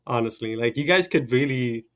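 A man's voice: medium pitch, moderate pace. A man co-hosting a casual group audio chat, talking in a laid-back way, swearing freely and praising the guests. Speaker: co-host.

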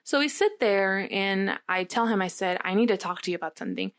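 A woman's voice: mid-range voice, lively intonation, a little fast. A young woman casually recounting a personal story on a podcast, filling her speech with "like" and acting out what people said. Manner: storytelling with many "like" fillers, acting out quoted lines. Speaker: guest telling a personal story.

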